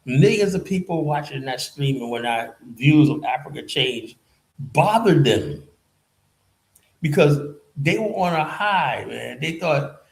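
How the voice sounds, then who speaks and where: A man's voice: on the high side, expressive, unhurried, creaky, rough recording. Heated man ranting on his channel. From United States. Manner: heated, sarcastic, mocks opponents in put-on quotes. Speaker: commentary channel host. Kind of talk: ranting political commentary. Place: in Liberia, West Africa.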